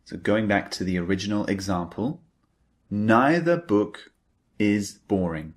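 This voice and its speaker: A man's voice: fairly low pitch, animated, measured pace. A man teaching an English grammar lesson, who repeats key points and stresses the target words. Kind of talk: slow, deliberate grammar lecture.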